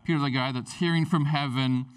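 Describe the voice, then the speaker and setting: A man preaching a sermon in a casual, animated way, with lots of fillers. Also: mid-range voice, fairly quick, smooth, far from the mic. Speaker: pastor.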